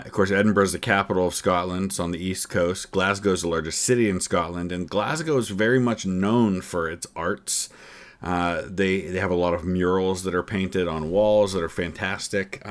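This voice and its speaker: Deep-voiced man thinking aloud. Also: moderate pace. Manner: thinking aloud, hesitant with many fillers. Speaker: history channel host. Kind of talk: casual reaction to a trivia quiz.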